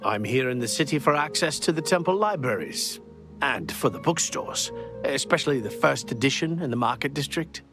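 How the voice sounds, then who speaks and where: A man's voice: mid-range voice, lively intonation, moderate pace, music in the background, lightly acted. An actor playing a mild, bookish male writer who speaks politely and chattily. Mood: pleased.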